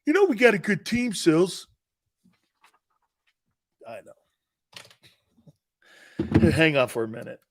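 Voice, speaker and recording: A man's voice: a little high, huge pitch swings, takes it slowly, pauses often. A man hosting a live sports talk show, teasing and joking with his chat and laughing often.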